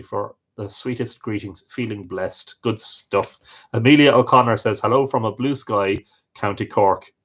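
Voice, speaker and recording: A man's voice: mid-range voice, fairly bright tone. Man reading out live chat. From Ireland. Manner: friendly, reads out viewer comments and answers them. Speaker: livestream host.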